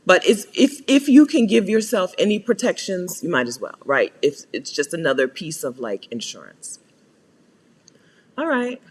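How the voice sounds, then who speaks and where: A woman's voice: on the low side, sing-song, moderate pace, in a large hall, slight background noise. An American woman hosting a live Q&A, chatting casually, laughing often and greeting viewers by name. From United States. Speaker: host answering viewer questions. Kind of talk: live Q&A chat.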